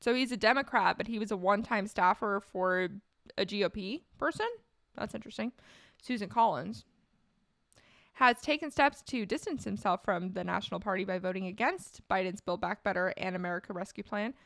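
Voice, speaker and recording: A woman from California, a streamer doing live stream commentary, reading aloud and reacting in a casual, wry way that breaks into quick laughs. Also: mid-range voice, vocal fry, a bit bright, dry recording, clean studio sound.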